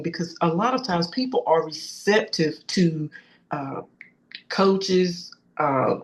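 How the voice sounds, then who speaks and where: A woman with a notably low voice hosts a podcast interview. She speaks in an affirming way, thanks her guest and keeps encouraging her to go on. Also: a little mellow. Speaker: podcast host. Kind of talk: interview host.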